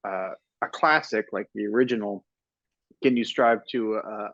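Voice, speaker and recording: A man hosting a podcast and chatting about a film, asking his guests questions in a playful, animated way. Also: lowish voice, moderate pace, no room sound. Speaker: podcast host. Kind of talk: casual film discussion. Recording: dull, dry home-mic sound.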